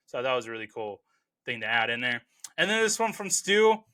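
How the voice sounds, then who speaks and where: Here a film review host talks fast with big pitch swings and a sharp, clean tone, medium in pitch. His casual, excited commentary rambles, packed with "you know" and restarts.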